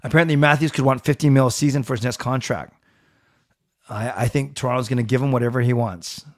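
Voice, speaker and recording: A middle-aged man hosting a live stream, reading viewer comments aloud and answering them in a relaxed, chatty way. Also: medium pitch, quick pace. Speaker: livestream host reading chat. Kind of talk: casual chat.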